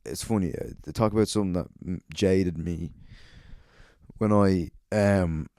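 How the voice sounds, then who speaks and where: A low, mellow-voiced Irish man in his thirties hosts a solo podcast. He tells stories in a rambling, sardonic way, swearing freely and circling back on himself. The sound is dry and close to the mic. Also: unhurried, clear, resonant tone, no echo. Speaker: podcast host.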